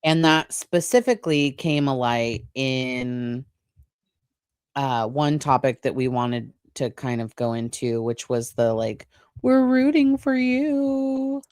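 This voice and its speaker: Woman co-host, casual chat, low voice, halting with fillers, dry mic. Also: smooth, no room sound. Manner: relaxed and halting, lots of "like" and "um". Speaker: podcast co-host.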